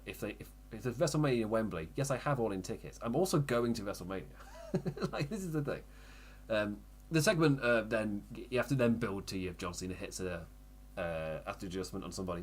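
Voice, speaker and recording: A man hosting a wrestling podcast, chatting casually with frequent laughs and quick self-interrupting asides. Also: on the low side. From United Kingdom. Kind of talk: casual live recap commentary.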